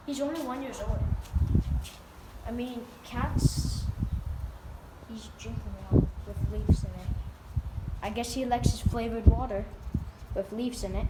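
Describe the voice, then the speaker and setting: Pet vlogger, female, slightly high voice, doting, chatty, filmed in a roomy space from a distance. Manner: chatty, doting, with frequent fillers and restarts. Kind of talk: casual narration while filming her cat. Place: at home near a backyard. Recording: roomy, distant mic, noisy background.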